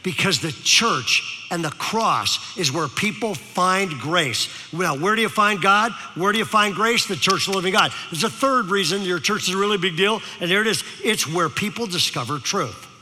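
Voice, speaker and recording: A man's voice: high voice, lively intonation, normal speed, few pauses, bright, forceful tone, soft background music. A man preaching a sermon as pastor, telling stories and checking in with the congregation by asking "okay?". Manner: storytelling with repeated "okay?" to the audience. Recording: long hall reverb.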